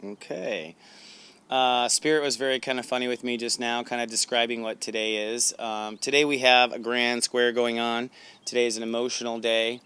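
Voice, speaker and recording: A man's voice: medium pitch, a little fast, clear, resonant tone. Chatty man giving spiritual guidance. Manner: chatty, animated, self-assured. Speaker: spiritual intuitive host. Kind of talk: casual spiritual guidance talk.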